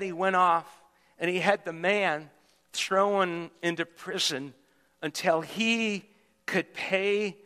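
Male pastor, high bright voice, emphatic sermon delivery, recorded in a reverberant church hall. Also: smooth. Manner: emphatic preaching with repetitions. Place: church sanctuary.

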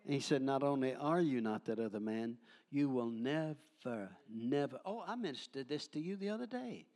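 Fervent older preacher shouting hallelujahs. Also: male voice, medium pitch, lively intonation, fairly quick. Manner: fervent, punctuates with hallelujahs, folksy humor. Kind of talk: charismatic sermon.

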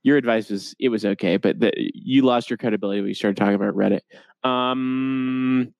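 A man's voice: mid-range voice, fairly even intonation, a little fast, vocal fry, a little mellow, no room sound. Dry-talking young man, dead-dry sound. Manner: dry, joking, puts on goofy voices. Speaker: podcast co-host. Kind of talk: casual comedic chat.

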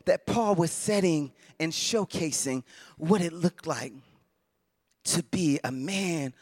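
Emotional preacher, slightly high, dry voice. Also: male voice, slow pace, no room sound. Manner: emotional, heartfelt preaching with frequent restarts and chuckles; swings between soft, low passages and loud bursts. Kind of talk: sermon.

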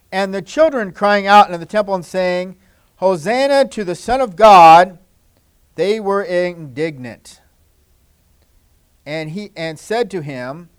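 A man preaching a children's sermon in church, gentle and repetitive, swinging from loud to hushed. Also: high voice, smooth. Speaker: pastor.

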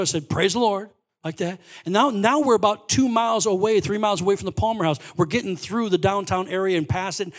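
Pastor, male, high-pitched, animated storyteller, swings between hushed and loud. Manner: animated testimony, swings from quiet asides to loud exclaims. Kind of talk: sermon storytelling.

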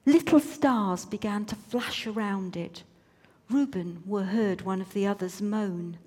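A woman's voice: medium pitch, a little slow, warm tone, husky. A woman reading a story aloud with playful, teasing asides, in a room with a long reverb.

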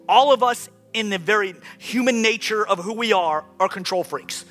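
A man's voice: high voice, moderate pace, few pauses, a bit bright, soft background music. A man preaching a sermon as pastor, emphatic, his voice rising and dropping with the point he makes. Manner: emphatic, rising and falling dynamically.

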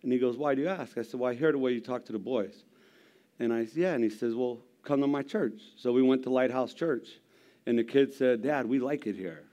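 A gruff middle-aged man stands before a church congregation, telling his testimony like a story. He mixes jokes with earnest conviction, his voice sitting at an ordinary pitch. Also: warm tone. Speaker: lay preacher giving testimony. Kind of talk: sermon testimony.

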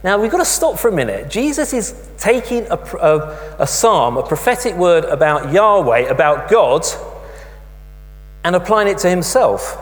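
Animated male preacher in a reverberant hall. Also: high voice, moderate pace. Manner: animated storytelling with emphatic asides. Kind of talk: sermon. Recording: long hall reverb with mains hum.

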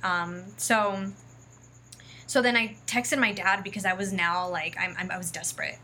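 A woman's voice: medium pitch, fairly even intonation, moderate pace, pushed and bright. A woman telling a personal story in a casual, rambling way, full of fillers and acted-out quotes, and close to tears.

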